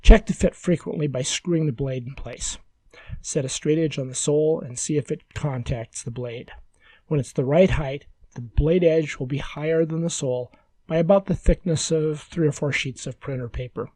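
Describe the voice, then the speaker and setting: A man giving calm, measured, step-by-step woodworking instructions as a scripted voice-over. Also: fairly high pitch, no echo.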